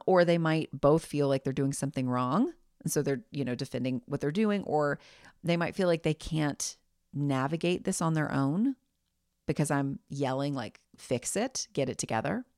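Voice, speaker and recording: A woman in her thirties talks through parenting advice on her own podcast, in a low voice and a loose, chatty manner. She checks in with listeners and adds quick asides as she goes. The recording is close and dry, with no room sound. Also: no echo. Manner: conversational, frequent "right?" and "like" asides. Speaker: podcast host. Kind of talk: solo podcast advice talk.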